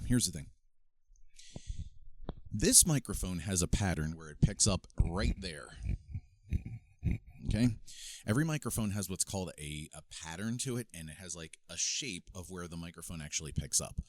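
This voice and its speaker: Man, very low voice, dry close sound, casual instructional demo, handheld mic in a home studio. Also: animated, normal speed, pauses often, dry recording. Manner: casual, demonstrative, explains step by step. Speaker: speaking and voice coach. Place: home studio with mixing board. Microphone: switching between handheld microphones.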